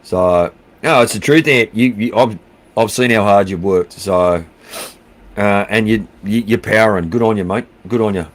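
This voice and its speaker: Blunt Australian man chatting with viewers. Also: fairly low pitch. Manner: blunt, swears freely, calls everyone mate. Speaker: livestream host. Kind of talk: casual chat reading out viewer comments.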